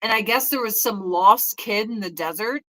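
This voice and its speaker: A woman's voice: medium pitch, normal speed, a bit bright, poor audio. A woman in her forties hosting a casual morning chat, blunt and profane, often mocking people in put-on voices. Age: 40s. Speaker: host.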